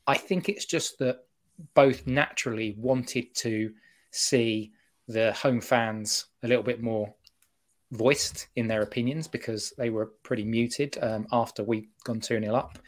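A man giving his opinion in a casual football podcast chat, rambling and animated. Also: medium pitch, unhurried. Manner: animated, rambling fan talk.

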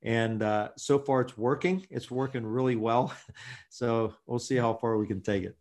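A middle-aged man who works as a chiropractor, guesting in a casual interview. He tells stories in an animated way and laughs often as he goes. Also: medium pitch, normal speed.

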